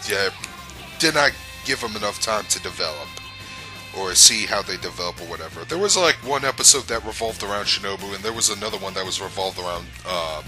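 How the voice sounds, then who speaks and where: A man's voice: on the low side, big pitch swings, fairly quick, over music, low-quality recording. A man giving a casual review rant, rambling, blunt and profane, with frequent restarts. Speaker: anime reviewer.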